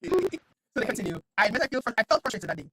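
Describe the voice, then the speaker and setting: A man from Trinidad streaming, reading a story aloud and reacting with animated laughter. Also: very high voice, fast talker, slight background noise.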